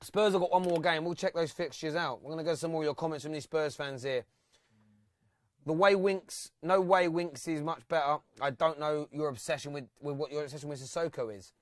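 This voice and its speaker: Brief: male phone-in host, lively and chatty, higher voice, dry mic. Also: a little fast, no echo. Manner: excitable, reads out fan comments and stats. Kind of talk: live fan phone-in chat.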